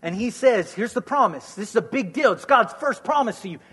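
A man's voice: high voice, animated, a little fast, fairly bright tone, breathy edge, big-room sound. A man answering listeners' questions in a sermon, reassuring them and repeating key phrases. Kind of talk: conversational preaching.

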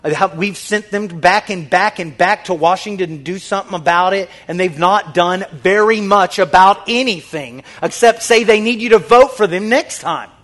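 A man preaching a sermon to his congregation, fervent and repetitive, dropping to a hush and then rising to loud shouted calls. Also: high-pitched, normal speed, hardly any pauses. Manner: swings from hushed, near-whispered lines to loud shouted exhortation. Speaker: pastor.

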